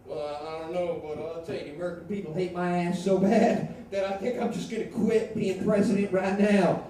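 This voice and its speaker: A man doing a slow, whiny Southern-drawl impression of a self-pitying older male president, recorded from afar in an echoey club. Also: high voice, little pitch movement, warm tone, distant mic, slight background noise, pitched below the performer's own voice, close to an everyday voice. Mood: sulky. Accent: Southern US drawl, put on.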